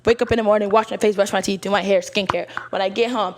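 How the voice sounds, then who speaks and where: A woman's voice: mid-range voice, fairly even intonation, quick pace, a little hiss or hum. Young woman, podcast host, chatty and slangy, casual delivery. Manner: chatty, slangy, talks straight to listeners. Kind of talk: casual chat.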